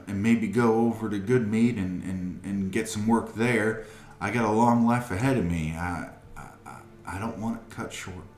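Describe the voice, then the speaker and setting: A man's voice: lowish voice, reverberant, voice pushed up, natural voice. A man voicing a skinny teenage boy who shakes and stammers as he pleads. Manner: shaky, stammering plea.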